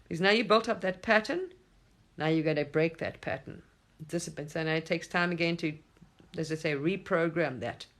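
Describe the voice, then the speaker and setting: A spiritual teacher talking casually to camera at home, animated, swearing and laughing often. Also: medium pitch, normal speed.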